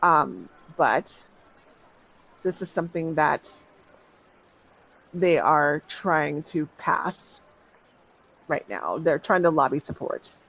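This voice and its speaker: Game master voicing an earnest gentle doctor. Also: medium pitch, lively intonation, vocal fry, slightly rough, full character voice, rough recording. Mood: indignant. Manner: measured, earnest, grows heated over injustice. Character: earnest gentle male doctor, protective of creatures. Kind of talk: tabletop role-play.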